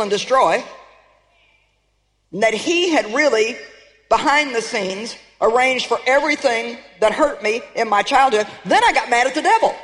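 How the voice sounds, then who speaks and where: A woman's voice: a little high, long reverb tail, low-quality recording. A woman preaching a sermon in an emphatic, conversational way, sometimes building to exclamations.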